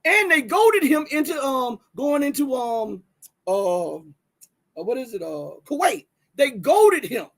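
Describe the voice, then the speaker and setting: Man, Southern accent, livestream host, husky voice, high pitch, talks to viewers directly. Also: a little slow. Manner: animated, talks to viewers directly, many restarts and fillers. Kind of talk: casual livestream commentary.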